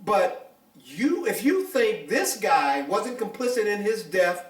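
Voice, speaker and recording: An older man with a high voice talks bluntly and emphatically, his pitch leaping around as he tells the story. He sits some distance from the mic, in a room with a lot of echo. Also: big pitch swings, slow pace. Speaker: retired police officer, interviewee. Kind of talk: casual interview talk.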